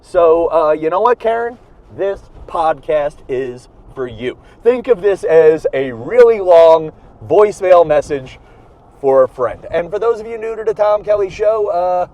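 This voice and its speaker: A man's voice: sits high, lively intonation, measured pace, a little mellow. A comedian hosting his podcast while driving, talking in a rambling, self-mocking way with lots of fillers and restarts, a bit out of breath. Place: inside his car in cold weather. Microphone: video camera in car.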